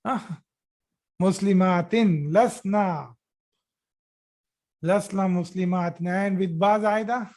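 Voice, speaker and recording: A man's voice: high voice, slow pace, pauses often, a little mellow. A man teaching a grammar class online, repeating each phrase and praising students' answers. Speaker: Arabic teacher.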